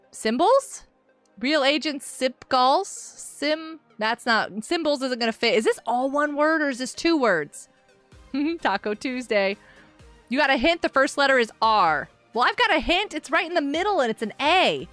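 A woman's voice: high voice, expressive, unhurried, a bit bright, no room sound, faint music behind. A young woman streaming a game, chatting casually, giggling and sounding out words.

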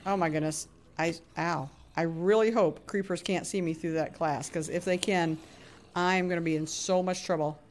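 A woman with a fairly low voice live-streams her gameplay at normal speed, chatting with viewers, greeting them by name, laughing often and humming little sound effects. She shifts between hushed, nervous asides and loud, cheery greetings, with slight background noise.

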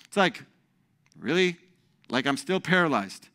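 A man preaching a sermon as pastor, animated and conversational, often repeating words as he goes. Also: on the high side, unhurried.

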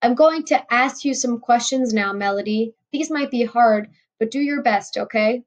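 A woman voicing a large, loud male doctor who talks down slowly, with a booming voice. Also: dull audio, lightly acted. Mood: patronizing. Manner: loud and slow, talking down.

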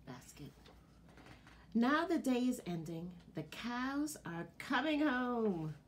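A woman librarian leading a children's storytime and sing-along, animated and talking to her listeners as friends. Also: fairly high pitch, takes it slowly, a little hiss or hum.

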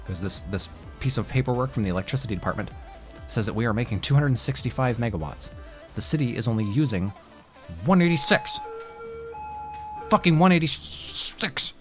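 A man's voice: on the low side, fast talker, a little mellow, faint music behind, close to an everyday voice. A man voicing an overly polite door-to-door electricity company man, with fawning, apologetic salesman patter. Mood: pushy.

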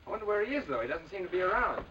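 Brief: a dashing prince, lively swoops, hissy old film sound. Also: male voice, sits high, rapid-fire, lo-fi sound, heavily acted. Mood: cheerful. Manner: playful, lively, tender in quiet scenes. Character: charming young prince courting a skater. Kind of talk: 1930s film acting.

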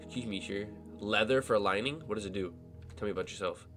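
A man's voice: on the low side, fast talker, music in the background. A young man with a nasal voice, just woken up, chatting casually over gameplay and joking to himself. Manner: talks to himself, joking asides and silly voices. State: just woke up. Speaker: gaming video creator.

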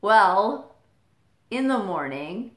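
Slow-talking woman telling a story. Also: medium pitch. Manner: animated, quotes family in changed voices. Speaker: vlogger. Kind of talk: casual storytelling. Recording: echoey room.

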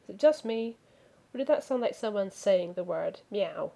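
A woman reading a visual novel aloud as a let's play streamer, voicing the lines and breaking off into animated asides. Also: medium pitch, moderate pace, gravelly. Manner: animated, reacts with outbursts and asides. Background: background music.

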